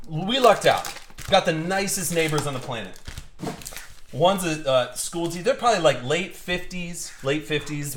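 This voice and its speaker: A young man with a somewhat high voice talks casually on a live stream. He rambles and restarts his sentences as he chats with viewers. Faint background noise sits under the recording. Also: fairly bright tone. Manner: rambling, chatty storytelling with many restarts. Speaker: card break host. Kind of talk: casual live-stream chat while opening cards.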